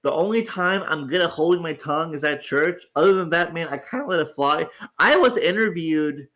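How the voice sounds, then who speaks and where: A man's voice: fairly high pitch, expressive, a little fast, fairly bright tone. A tired, groggy man hosting a casual livestream, rambling, stammering on restarts and swearing freely. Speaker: host.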